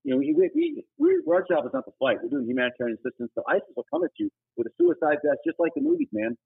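A middle-aged man, a missionary guest, giving an earnest, preachy personal testimony that breaks into sudden emphatic high bursts. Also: huge pitch swings, rapid-fire, gravelly, slightly rough. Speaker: guest, humanitarian missionary leader. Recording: tinny phone-like audio.

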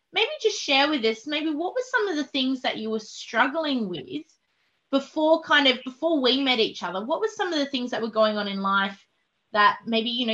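A woman host with a high, bright voice speaks with effusive, encouraging enthusiasm. The recording sounds slightly dull and lo-fi. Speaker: podcast host, self-love practitioner. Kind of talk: warm interview chat.

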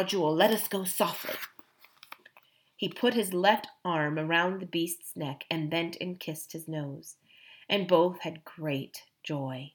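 A woman narrating a children's fantasy audiobook, expressive and voicing each character. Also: on the low side. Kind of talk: storybook narration.

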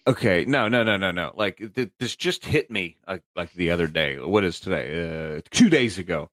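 A man with a low voice co-hosts a casual podcast, his pitch swinging a lot as he rambles along. He stumbles, restarts and repeats himself, and the sound is close and dry. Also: animated, normal speed, a bit bright, no echo. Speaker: podcast co-host. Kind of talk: casual chat.

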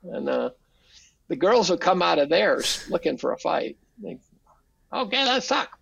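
An older man guesting on a podcast tells casual stories, animated and profane, acting out the people he quotes. His voice is on the high side, gravelly and husky at normal speed, recorded with no echo and the highs cut off.

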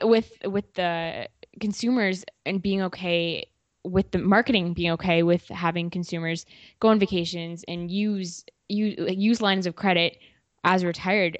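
A woman's voice: lowish voice, no room sound, lo-fi sound. A woman hosting a finance talk, reading questions from an article with fillers. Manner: reads questions from notes, with fillers. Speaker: host. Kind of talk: interview questions.

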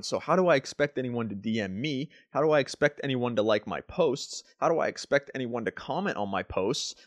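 A man's voice: mid-range voice, a bit bright, no echo, studio quality. A man who works as a fitness coach, talking casually through a solo podcast monologue. He rambles and keeps dropping "like" and "right?".

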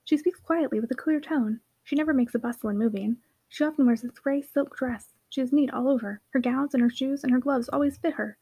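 A woman voicing a lively, charming little girl who chatters eagerly in a storybook reading. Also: high-pitched, brisk, hardly any pauses, breathy edge.

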